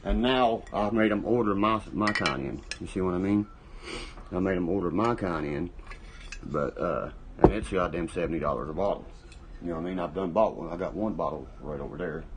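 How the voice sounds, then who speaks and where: A man's voice: low voice, brisk, background noise. A man hosting a casual livestream, rambling and boastful, swearing often while he drinks. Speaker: livestream host.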